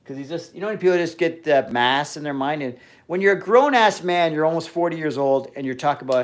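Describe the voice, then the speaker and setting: A man's voice: a little high, big pitch swings, brisk, few pauses. A man hosting a fitness livestream, ranting casually with heavy swearing and frequent trailing off mid-sentence.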